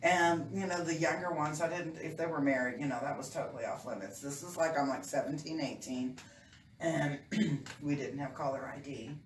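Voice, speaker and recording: Middle-aged female co-host, lower pitch, playful storyteller; distant, roomy mic. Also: steady tone, normal speed. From Oklahoma. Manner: storytelling, laughs often, playful. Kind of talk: casual chat. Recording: roomy, distant mic, clear background noise.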